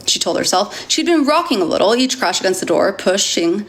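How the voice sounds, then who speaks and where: Woman streamer, gravelly voice, casual read-aloud with asides, middling pitch. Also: very animated, brisk. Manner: reads with stumbles and chatty asides to viewers. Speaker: livestreamer reading a novel aloud. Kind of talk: casual livestream reading aloud.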